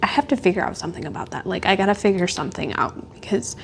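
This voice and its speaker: A woman with a medium-pitched, creaky voice talks fast in a rambling home vlog, full of fillers, recorded indoors near a glass door. Slight background noise can be heard.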